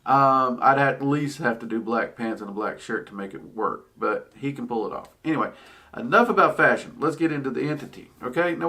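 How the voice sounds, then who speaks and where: A man's voice: mid-range voice, gravelly, sharp tone. A man teaching about occult spirits in a casual, chatty way, with frequent ums and wry asides. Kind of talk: casual explanatory talk.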